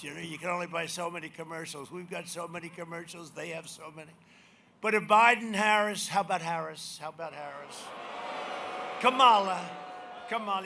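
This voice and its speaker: An older man giving a campaign rally speech, rambling and boastful, swinging between shouted lines and muttered asides. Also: sits high, a little hiss or hum. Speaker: political speaker at a rally. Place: outdoor rally crowd.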